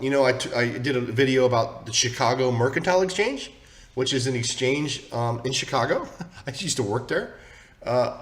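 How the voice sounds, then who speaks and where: A man talking casually to camera in a crypto vlog, rambling and excitable, full of slang and asides. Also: mid-range voice. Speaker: crypto vlogger.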